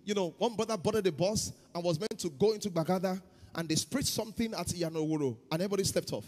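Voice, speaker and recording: A man preaching a sermon as pastor, shifting between loud chanted prayer and quiet storytelling. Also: sits high, quick pace, big-room sound. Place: church hall.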